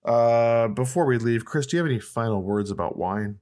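A man's voice: mid-range voice, fairly quick, a little mellow. Tipsy, teasing male podcast host. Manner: playful, teasing. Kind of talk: casual chat.

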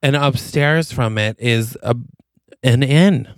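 A man's voice: medium pitch, slow pace, dry recording, clean studio sound. A man co-hosting a podcast, animatedly telling a made-up movie plot and acting out the characters' lines. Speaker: podcast co-host. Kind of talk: casual chat, pitching a made-up holiday movie plot.

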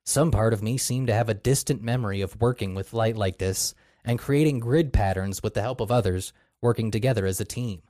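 Podcast guy reading from a book, mellow and kinda flat, dry close mic. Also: lowish voice, a little fast, no room sound. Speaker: podcast co-host. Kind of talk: casual chat, reading from a book aloud.

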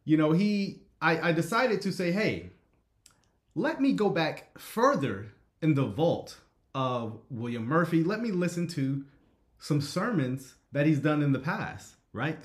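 Chatty male host in a roomy space. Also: on the high side. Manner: conversational, frequent "right?" checks, reads chat. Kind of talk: live stream commentary.

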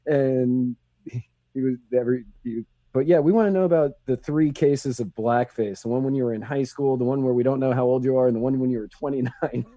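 A man's voice: medium pitch, steady tone, fairly quick, mellow, no room sound, muffled recording. A man in casual political chat, telling a story in a laid-back way with many fillers.

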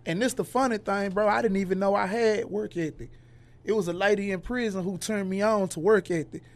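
A man with a notably high voice talks in a loose, conversational way. He is a guest on the show, and he tells his stories with lots of energy, slipping into other people's voices as he goes. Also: fairly quick. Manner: animated storyteller who acts out others' lines. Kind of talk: casual conversation, storytelling.

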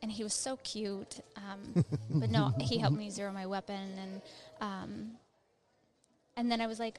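Speaking at a moderate pace in a mid-range, darkish voice, a woman in her 30s who served in the Army is being interviewed. She's chatty and relaxed, filling her sentences with lots of "like" and "um".

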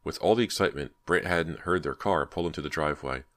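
Extremely deep-voiced male narrator. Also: quick pace, fairly bright tone. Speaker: audiobook narrator. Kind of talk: scripted horror narration.

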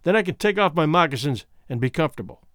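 A man's voice: fairly high pitch, expressive, fast, a bit bright, no echo, studio quality. A man reading aloud voices a blunt, outspoken physician in a storybook.

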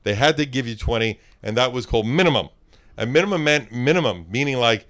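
A man chatting as a podcast guest, easygoing and profane as he rambles through old work stories. His voice sits at an ordinary middle pitch. His talk is unpolished and conversational. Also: lively intonation, fast, a bit bright. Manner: loose storytelling, swears freely. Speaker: podcast guest, former club DJ. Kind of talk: casual chat.

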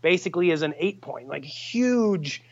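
A man casually telling a hunting story on a podcast, animated and swearing freely as he acts out his friends' lines. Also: a little high, moderate pace, muffled recording. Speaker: guest hunter telling a story.

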